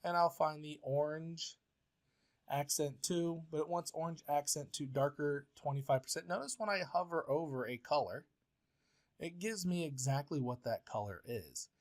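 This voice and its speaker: A male professor works through a word processing tutorial step by step, keeping things plain and patient while using lots of filler sounds. His voice is slightly high and moves at a moderate pace.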